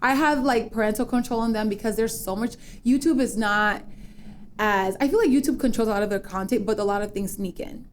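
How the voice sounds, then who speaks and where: Animated chatty woman, slightly high voice. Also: a little fast, slight background noise. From United States, Dominican parents. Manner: animated storyteller, acts out quoted voices, laughs often. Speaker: podcast guest. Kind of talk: casual interview chat.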